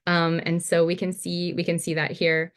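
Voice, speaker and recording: Low-voiced woman lecturing casually. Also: monotone, normal speed, clean tone. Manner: casual, many fillers and restarts. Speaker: teacher. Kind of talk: recorded slide lecture.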